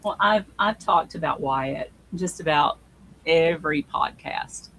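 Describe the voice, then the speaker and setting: A woman's voice: deep voice, a little slow, fairly bright tone, slight background noise, rough recording. A woman guest on a podcast, telling a personal story in an earnest, emphatic way. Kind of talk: casual conversation.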